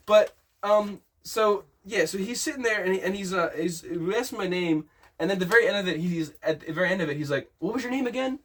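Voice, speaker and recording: A man's voice: high voice, a little fast, fairly bright tone. A man casually telling a rambling party story to friends, laughing and swearing as he goes. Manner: rambling, laughing, cursing, restarts sentences. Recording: distant mic, faint background noise.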